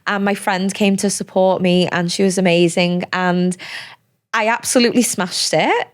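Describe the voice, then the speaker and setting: A young woman, a podcast guest talking casually and animatedly, with quick asides and lots of fillers. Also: mid-range voice, steady tone. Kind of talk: casual conversational interview.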